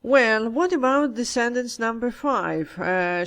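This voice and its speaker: Slow, methodical grammar teacher. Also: medium pitch, animated, a bit bright. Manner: methodical, talks through each step aloud, addresses viewers as guys. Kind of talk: step-by-step grammar explanation.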